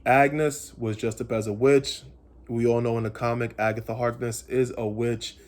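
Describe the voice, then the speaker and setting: A man's voice: mid-range voice, little pitch movement, normal speed, darkish tone. Rambling man recapping a TV episode. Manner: rambling, speculative, repeats phrases. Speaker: comics channel host. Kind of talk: casual episode recap and theorizing.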